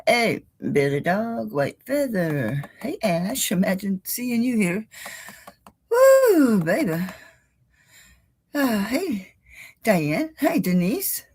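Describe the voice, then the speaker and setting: A woman's voice: medium pitch, very animated, slow, a little mellow, slightly rough. A woman hosting a live jewelry auction stream, chatty and self-deprecating, a little out of breath. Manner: chatty, self-deprecating, greets viewers by name. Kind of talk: casual live-stream chat. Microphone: on-camera mic.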